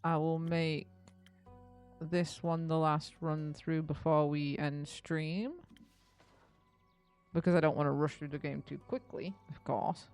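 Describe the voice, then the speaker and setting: A woman streamer casually commenting on a game, relaxed and thinking aloud as she plays. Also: deep voice.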